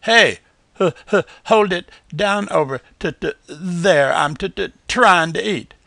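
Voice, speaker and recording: A man's voice: sits high, slow pace, vocal fry, sharp tone, no room sound, studio quality, pitched above the performer's own voice, heavily acted. A man doing a stuttering little possum. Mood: stammering. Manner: stutters, drawling southern speech. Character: small stuttering young male possum.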